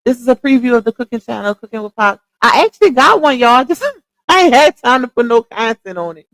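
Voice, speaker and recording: A woman's voice: on the high side, animated, a little fast, a bit bright, dry recording. A young woman with a Louisiana Southern accent, chatting casually with her livestream viewers and laughing often. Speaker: livestream host.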